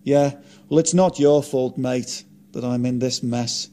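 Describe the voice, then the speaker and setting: A man's voice: mid-range voice, fairly even intonation, measured pace, mellow, voice pushed down, lightly acted. A man voicing a resurrected singer, wry and self-mocking. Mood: downbeat. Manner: dry, self-mocking quips.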